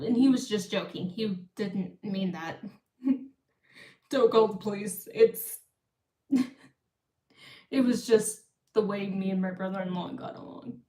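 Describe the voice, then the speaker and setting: A woman's voice: mid-range voice, slow pace, pauses often, dark tone. A woman in her thirties telling a rambling story on a live stream, often breaking off and restarting. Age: 30s. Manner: rambling, self-interrupting. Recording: echoey room, far from mic.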